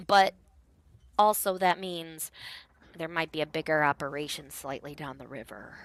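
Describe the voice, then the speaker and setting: A woman's voice: deep voice, normal speed. A woman narrating a tabletop game as game master in a casual, rambling way. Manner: casual, lots of fillers.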